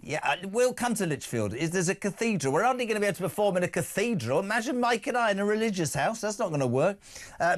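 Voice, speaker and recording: A man's voice: sits high, big pitch swings. A middle-aged man hosting a talk radio show, reading out listener texts with jokey asides. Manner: jokey, quick asides, laughs at own lines. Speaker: stand-in radio host.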